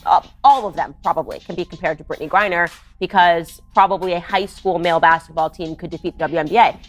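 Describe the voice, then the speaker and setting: Woman, political commentary, sarcastic, mocking, mid pitch, faint music behind. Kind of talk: opinionated monologue.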